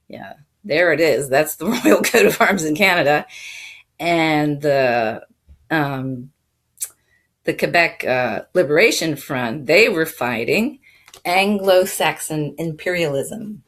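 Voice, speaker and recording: A woman's voice: deep voice, fairly bright tone. A woman hosting a casual, rambling history talk, with frequent fillers, restarts and small chuckles. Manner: chuckles now and then while talking. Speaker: channel host.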